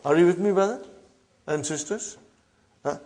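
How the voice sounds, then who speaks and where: A man's voice: high-pitched, normal speed, darkish tone. A man teaching a language class, drilling phrases and often checking in with a questioning "huh?". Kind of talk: classroom lesson.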